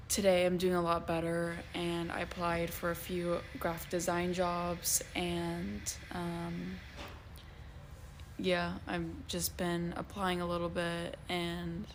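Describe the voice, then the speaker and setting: Low, gravelly, hesitant woman. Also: a little hiss or hum. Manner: hesitant, many ums, subdued. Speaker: vlogger. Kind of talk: casual vlog.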